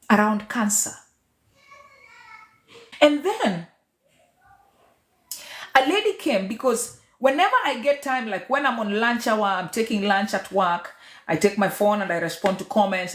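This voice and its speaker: A woman who is a teacher, public speaker and MC talks passionately to her followers, emphatic and preacher-like, moving between loud and quiet. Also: medium pitch. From Kenya. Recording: echoey room.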